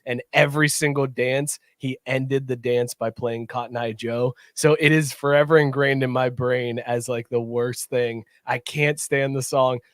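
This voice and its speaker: A man's voice: mid-range voice, a little slow, few pauses, no echo, studio quality. A man co-hosting a casual sports podcast, telling stories and laughing as he goes. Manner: lively storyteller who laughs mid-sentence. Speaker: podcast co-host. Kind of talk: casual chat.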